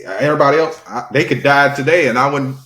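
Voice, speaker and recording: A man co-hosting a podcast in casual chat, with expressive, joking banter. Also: medium pitch, fast, echoey room. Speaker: podcast co-host.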